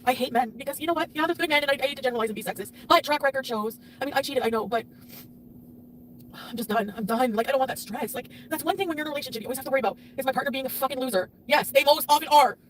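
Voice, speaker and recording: Brief: high, fast-talking woman on a livestream, furious and profane, swinging from loud bursts to low mutters, faint noise behind. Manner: angry, swearing, voice swinging between loud outbursts and quiet mutters. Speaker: livestreamer being reacted to. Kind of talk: emotional livestream rant.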